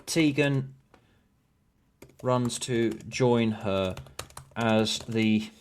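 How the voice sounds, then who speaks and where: A man's voice: mid-range voice, extremely slow, slight background noise. A laid-back man on a livestream, reading out stage directions as he types a script, with keys clicking behind him. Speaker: co-host typing the script. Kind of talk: casual livestream chat, reading out script lines.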